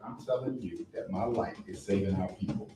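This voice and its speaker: A man's voice: low-pitched, a little fast, far from the mic, lightly acted. An actor playing an urgent young activist husband in a drama clip, insisting he must leave. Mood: firm. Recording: echoey room with background noise.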